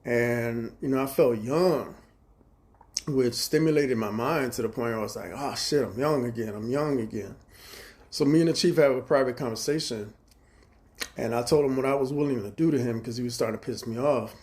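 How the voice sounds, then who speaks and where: Chicago guy on a phone live stream, cussing a lot, telling a long story and doing both sides of the talk, normal mid pitch. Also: a little mellow. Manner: profane, fast-shifting, quotes others in dialogue. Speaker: livestream host. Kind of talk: rambling storytelling monologue.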